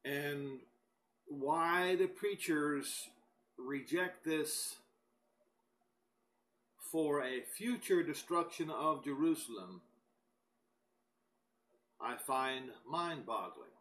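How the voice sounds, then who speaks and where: A man giving a recorded Bible teaching, speaking deliberately and with emphasis, and reading scripture aloud. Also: a little high, lively intonation, fairly bright tone, poor audio. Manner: slow, deliberate and emphatic, pausing between phrases.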